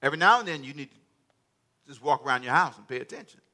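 A man, a pastor, preaching a lively sermon and calling out to his congregation for answers. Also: mid-range voice, quick pace.

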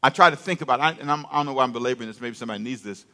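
A man's voice: medium pitch, rapid-fire, sharp tone. An older man preaching a sermon in a conversational way, repeating phrases and getting the congregation to answer him aloud.

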